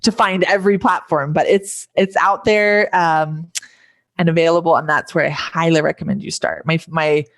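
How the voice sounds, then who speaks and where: A woman with a lowish voice talks through her ideas as a podcast guest, earnest and full of fillers. The sound is dry and close. She searches for words as she goes, in a casual conversational way. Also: fairly even intonation, moderate pace, no echo. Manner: earnest, thinking aloud with many fillers. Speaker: podcast guest, life coach.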